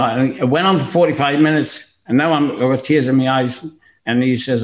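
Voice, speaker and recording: A man recounting a story with real energy, loud and animated as he acts out each line of dialogue. His voice sits at an ordinary middle pitch. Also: fast. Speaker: former footballer interviewee. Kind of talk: animated anecdote, acting out dialogue.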